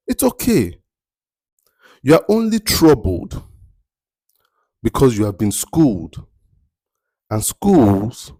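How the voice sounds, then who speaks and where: A man's voice: medium pitch, warm tone, dry recording. A man giving a motivational talk as a mentor, emphatic and rhetorical, repeating his key phrases. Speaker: mentor giving life advice.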